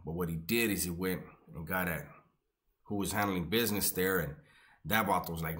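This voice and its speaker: A man's voice: deep voice, moderate pace, a bit bright. A man, telling casual, joking, profane stories. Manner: profane, laid-back, joking. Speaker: storyteller recalling his prison years. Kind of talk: casual storytelling.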